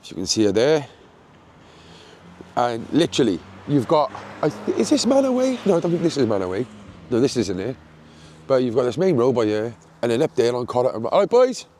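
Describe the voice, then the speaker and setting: A vlogger from Cardiff, Wales, walks around a housing estate outdoors doing casual street interviews, chatting, laughing and calling everyone mate. His medium-pitched voice is dark-toned, very animated and a little fast, with frequent pauses and a slight hiss or hum.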